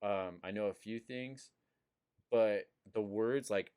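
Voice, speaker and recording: Laid-back low-voiced man chatting. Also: slow pace, clean tone. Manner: animated storyteller, swearing, laughing. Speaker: podcast host. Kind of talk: casual chat.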